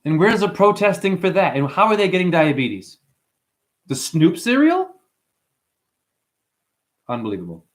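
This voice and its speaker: A man ranting to his chat on a livestream, swearing a lot and rambling, swinging from loud outbursts to low muttering. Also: unhurried, long pauses. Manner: profane, rambling, excitable, swings between shouting and muttering. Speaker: live streamer. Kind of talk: unscripted livestream rant to chat.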